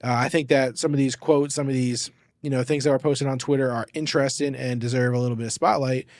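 A man's voice: medium pitch, fairly even intonation, quick pace, darkish tone, dry recording, clean studio sound. A man hosting a sports show, giving casual commentary in a rambling way with lots of fillers and emphatic bursts.

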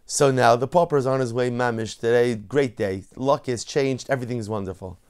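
A man who is a rabbi, telling a story in a sermon in an animated, dramatic way. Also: medium pitch, fairly quick, smooth.

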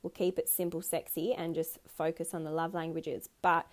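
An Australian woman hosting a podcast, talking casually about relationships in an energetic, playful way and swearing freely. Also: deep voice, normal speed.

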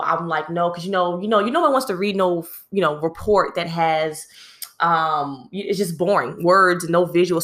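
A woman telling a work story in casual vlog fashion, animated, speaking to her listeners as "y'all" with lots of "you know" and repeated phrases. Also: fairly low pitch. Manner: frequent fillers and repeated phrases.

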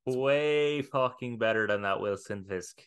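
A young adult man co-hosting a podcast, talking excitedly. He strings his thoughts together in long run-on bursts. His voice is an ordinary middle pitch, with the odd swear word. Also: a little slow, clear, resonant tone. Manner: excitable, rambling, swears casually. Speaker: podcast co-host. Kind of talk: casual chat.

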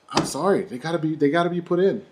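A man's voice: fairly high pitch, expressive, normal speed, a little hiss or hum. Man host, casual sports chat, blunt delivery. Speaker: show host.

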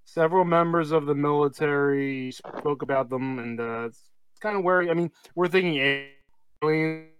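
A man co-hosting a podcast, introducing a topic in a halting, filler-heavy way. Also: fairly high pitch, a little hiss or hum, rough recording. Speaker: podcast co-host. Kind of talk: casual chat, topic lead-in.

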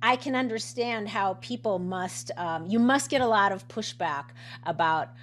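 A woman's voice: mid-range voice, a little slow, a bit bright. A woman who works as a coach and nutritionist, talking casually in a conversation, with frequent fillers, restarts and laughs. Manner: chatty, many restarts and fillers, laughs often.

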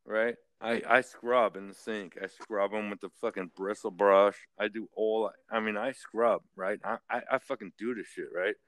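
Animated, foul-mouthed man ranting. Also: lowish voice, moderate pace, hardly any pauses, no room sound. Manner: animated, swears constantly, repeats "right?". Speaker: caller. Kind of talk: casual profane rant.

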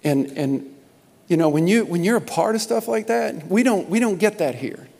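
A man preaching as pastor to his congregation, impassioned, repeating words and rising to loud emphasis. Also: high-pitched, expressive, moderate pace, creaky. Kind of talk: sermon announcements to a congregation. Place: large church sanctuary. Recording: long hall reverb.

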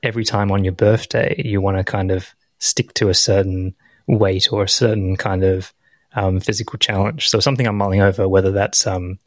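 A man in his thirties co-hosting a podcast, talking through his week in an easy, rambling way, full of fillers and small laughs. His voice sits on the low side. The recording is close and dry, with no room sound. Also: level tone, brisk, no room sound. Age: 30s. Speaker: podcast co-host. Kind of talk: casual chat.

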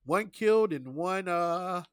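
Male podcast host, easygoing and giggly, higher register, dry close recording. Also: expressive, slow pace, fairly bright tone, clean tone, no echo. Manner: laughs often, easygoing slang. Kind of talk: casual chat.

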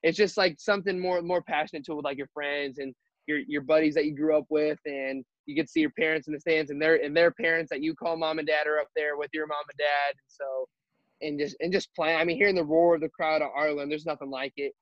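A young man talking in a casual interview as a high school football player, halting and full of restarts. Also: fairly even intonation, a bit bright, dry recording, highs cut off. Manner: halting, with many restarts and fillers.

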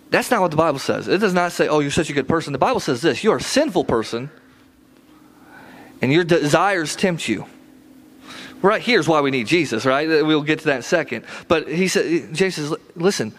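A man's voice: fairly high pitch, poor audio. A man preaching a sermon in a casual, conversational way, repeating phrases for emphasis and often asking "right?" to check in with listeners. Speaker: pastor.

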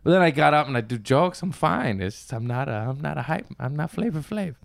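Animated man telling stories, dry close mic. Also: a little high, brisk, vocal fry, dry recording. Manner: animated storytelling, swearing, acting out quotes. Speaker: stand-up comedian, guest. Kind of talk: casual podcast chat.

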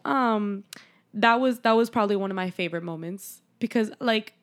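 A woman's voice: mid-range voice, normal speed, clean tone. A woman co-hosting a casual movie review podcast, retelling scenes with playful quoted voices and some swearing. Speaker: podcast co-host.

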